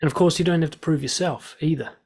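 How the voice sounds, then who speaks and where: A man with a gravelly, slightly husky voice gives blunt, direct advice and swears freely. He talks straight to the listener and acts out quoted lines as he goes. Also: fairly high pitch, fast talker, darkish tone. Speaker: dating and confidence coach.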